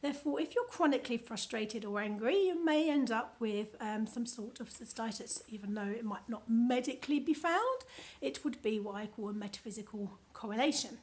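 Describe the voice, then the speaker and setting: A woman's voice: a little high, fairly quick. A British woman with a chatty, playful manner, casually reading from her own book and adding commentary. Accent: British English. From United Kingdom.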